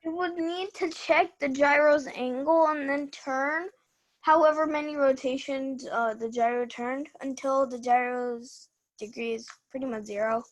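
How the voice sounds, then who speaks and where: A woman's voice: sits high, fairly even intonation, a little slow. A woman student in an online robotics class, answering the teacher's questions in a thoughtful, slightly hesitant way.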